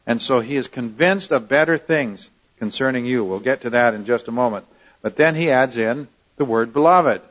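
Male preacher, explanatory sermon delivery with frequent restarts, mid pitch, slightly dull recording. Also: expressive, moderate pace. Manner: teacherly, explains word roots, many fillers and restarts. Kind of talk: expository sermon.

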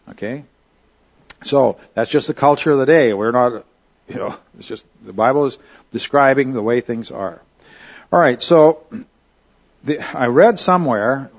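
A man's voice: mid-range voice, highs cut off. A man teaching a Bible study lesson in a conversational way. He often checks in with his listeners with "okay?" and "all right?".

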